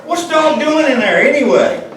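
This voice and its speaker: A man's voice: extremely high pitch, lively intonation, normal speed, a crowd in the background. Profane Southern man joking on stage. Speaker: guest speaker at a fan event. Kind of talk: crude comedic stage talk. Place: event hall stage with audience. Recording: echoey hall heard from far off.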